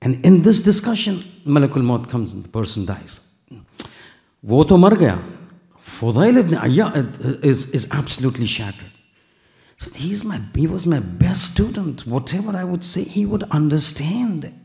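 A male preacher giving a sermon, telling a story and acting out its dialogue in an animated way, with Arabic and Urdu phrases mixed in. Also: fairly high pitch, moderate pace, gravelly. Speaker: Islamic preacher.

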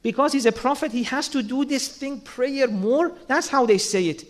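High-voiced man preaching earnestly. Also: normal speed. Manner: earnest, asks rhetorical questions and acts out quotes. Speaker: religious speaker. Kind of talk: sermon.

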